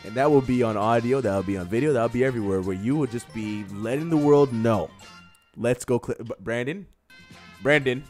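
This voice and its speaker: Running a laid-back quiz on a live stream, this host speaks fairly quickly in a mid-range voice. He's lively, keeps ribbing his co-host and laughs often while faint music plays.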